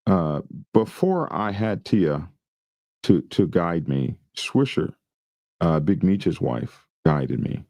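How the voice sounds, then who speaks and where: A middle-aged man hosting a casual podcast, talking in a halting, laid-back way and laughing at himself. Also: sits low, big pitch swings, a little mellow, dry recording, studio quality. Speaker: podcast host.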